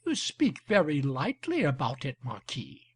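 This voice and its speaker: A man's voice: mid-range voice, huge pitch swings, a little slow, breathy edge, exaggerated voice. A man reading the part of an aristocratic baroness who makes dry, skeptical remarks. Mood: earnest. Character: sharp-tongued aristocratic baroness, woman.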